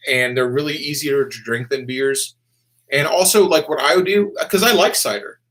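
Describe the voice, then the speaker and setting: A man's voice: medium pitch, normal speed, fairly bright tone. A man with a Southern American accent, hosting a casual chat, reading viewer comments and joking with lots of profanity. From Florida.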